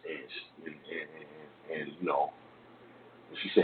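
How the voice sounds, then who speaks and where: With a very deep voice, this middle-aged interview guest talks a little slowly and pauses often. His storytelling is laid-back and full of street slang, peppered with "man" and "you know what I'm saying," over a tinny, phone-like recording with faint noise.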